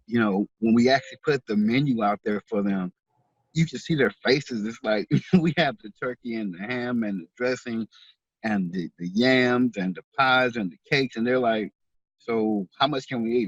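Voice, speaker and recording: A man's voice: on the low side, normal speed, breathy edge, dry recording, muffled recording. A man giving an interview, talking in an earnest, heartfelt way and often repeating words as he speaks. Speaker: author and veterans charity organizer. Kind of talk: interview guest.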